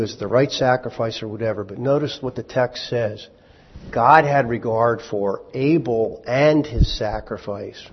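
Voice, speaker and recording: A man's voice: medium pitch, husky. A man preaching a sermon to a congregation in a conversational, wry way, full of rhetorical questions and asides. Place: church hall with congregation. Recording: echoey hall, dull lo-fi sound.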